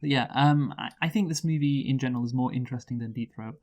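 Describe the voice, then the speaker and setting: Man, mid-pitched voice, movie-review host, casual chat, reads out plot notes. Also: fast talker, a little mellow. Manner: steers the talk back to the plot, laughs easily.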